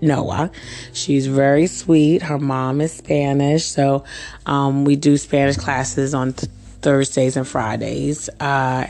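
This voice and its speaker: A young woman hosting her own podcast, chatting casually and laughing often, her voice a little hoarse from allergies. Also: sits low, darkish tone. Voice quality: slightly rough voice. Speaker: podcast host. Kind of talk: casual storytelling monologue.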